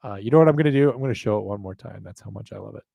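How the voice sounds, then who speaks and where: A man's voice: lowish voice, racing, vocal fry, dark tone, dry recording. A man hosting a live chat, rambling and self-mocking, laughing often. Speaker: show host.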